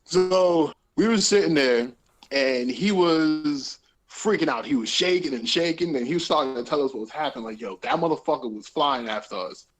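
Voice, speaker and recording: A young man co-hosting a podcast, telling a story casually with lots of laughter and profanity, acting out the people he quotes in loud voices. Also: a little high, normal speed. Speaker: podcast co-host.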